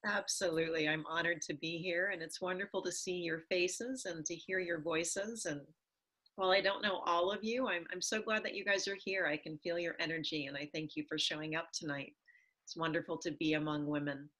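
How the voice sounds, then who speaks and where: A woman yoga instructor speaks in a calm, steady, instructive way. She leads her listeners through a breathing exercise. Her voice is bright and sits a little low. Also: a little fast, rough recording.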